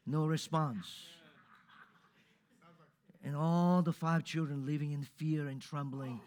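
A man's voice: on the high side, fairly even intonation, slow pace, darkish tone. A man preaching a sermon to a live congregation in church, talking conversationally and putting questions straight to his listeners.

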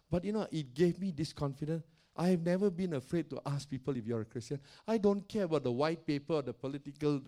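Loud, animated older male pastor. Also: fairly high pitch. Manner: animated, loud, laughs often; acts out quoted voices. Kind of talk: sermon storytelling.

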